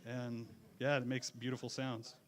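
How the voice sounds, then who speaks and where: A man's voice: medium pitch, level tone, moderate pace. A man who just performed at a bar, answering questions about his music in a laid-back, easygoing way. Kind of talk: casual interview answers. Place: bar at a live music event.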